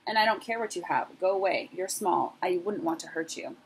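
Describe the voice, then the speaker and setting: A woman voicing a big young male guard rat, blunt, loud and rude, with a husky, gravelly voice. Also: fairly low pitch, a little fast, low-quality recording. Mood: stern.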